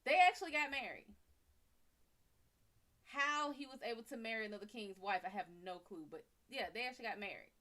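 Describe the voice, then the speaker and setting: A woman host retelling a myth on a livestream in a slangy, profane, animated way. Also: medium pitch, fast, few pauses. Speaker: psychic reader and host. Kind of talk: casual livestream storytelling.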